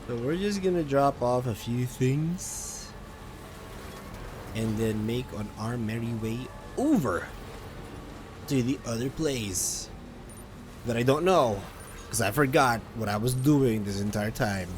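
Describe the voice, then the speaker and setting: Brief: a male game streamer, playful self-talk, mid-pitched voice, unhurried. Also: lively intonation, background noise. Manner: joking, thinks aloud, mimics game characters. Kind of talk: live gameplay commentary. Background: game music.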